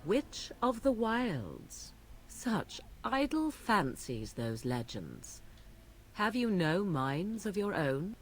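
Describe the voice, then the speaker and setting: A woman's voice: medium pitch, sing-song, takes it slowly, slight background noise. Morrigan, a haughty wild witch. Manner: archaic, haughty, mocking. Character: aloof mysterious young witch woman of the wilds.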